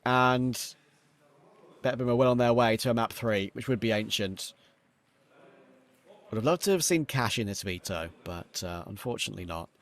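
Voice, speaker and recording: A man's voice: medium pitch, moderate pace, pauses often. London man casting a shooter game. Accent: London English. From England. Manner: casual, chatty, answers viewer questions between plays. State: losing his voice. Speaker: esports caster. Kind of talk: solo esports commentary with chat reading. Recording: game sound and gunfire behind the voice.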